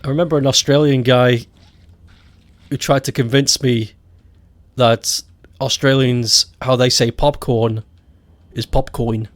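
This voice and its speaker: A joking Scottish man talks casually while streaming a game, laughing between thoughts. His voice sits at an everyday middle pitch. The sound is close and dry, with no room echo. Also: level tone, unhurried, pauses often. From Scotland. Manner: joking, laughs often, playful imitations. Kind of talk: casual chat while gaming.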